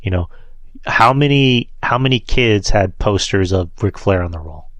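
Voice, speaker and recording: A man's voice: on the low side, expressive, moderate pace, fairly bright tone, dry recording. A man hosting a wrestling podcast, reviewing matches in a loose, rambling way and swearing freely. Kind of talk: casual solo show review.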